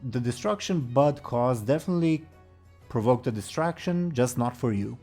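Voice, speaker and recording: A man's voice: medium pitch, lively intonation, normal speed, warm tone, soft background music. A man narrating a tabletop game as game master, casual and laughing often.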